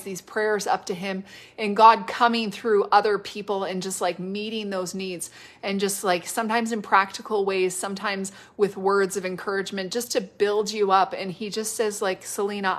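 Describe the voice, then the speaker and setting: This woman's mid-range voice keeps a steady tone as she ministers prophetically and spontaneously over a live stream, picked up by her device's mic. She talks softly and hesitantly, circling back on her phrases and leaning on "like" and "you know" to fill the gaps.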